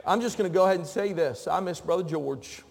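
A man's voice: sits high, quick pace, gravelly. A man preaching a sermon in a church, joking with the congregation and calling out to them. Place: church sanctuary. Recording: long reverb of a church hall.

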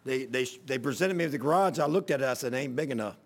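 An older man pastor giving an informal sermon, telling folksy stories with loud exclamations and chuckles. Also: mid-range voice, rapid-fire.

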